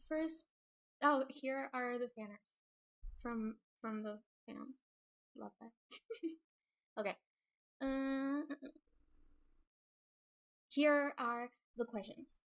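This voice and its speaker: A young woman talks through a casual livestream, nervous and prone to giggling, stumbling through fillers and restarts. Her voice sits a little high, and she takes her time between thoughts. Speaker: webcomic creator streaming.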